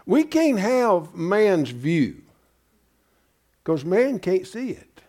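A man's voice: high-pitched, very animated, extremely slow, warm tone. A pastor preaching in an emphatic, folksy way, asking his congregation rhetorical questions. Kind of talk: sermon.

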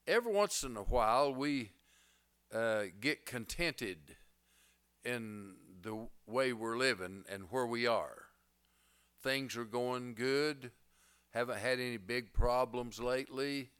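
A man's voice: medium pitch, slow pace, fairly bright tone, smooth. A middle-aged male pastor preaching a sermon, folksy and plainspoken, rising to emphatic bursts.

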